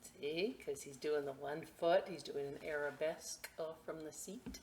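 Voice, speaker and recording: A woman reading picture books aloud at a library storytime, expressive and adding friendly asides for children. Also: low-pitched, slight background noise. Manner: slow, expressive, chatty asides to kids.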